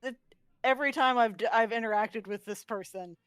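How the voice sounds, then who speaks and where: A woman's voice: on the high side, a little fast, a bit bright, clear, resonant tone. A woman playing in a tabletop game, talking casually with crude asides. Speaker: player.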